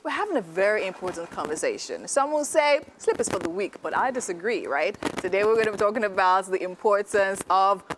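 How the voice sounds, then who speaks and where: A woman presenting a breakfast TV show in a bright, welcoming way, introducing a guest on a health topic. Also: medium pitch, lively intonation, a little fast, few pauses, background noise. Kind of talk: upbeat TV hosting. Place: TV studio.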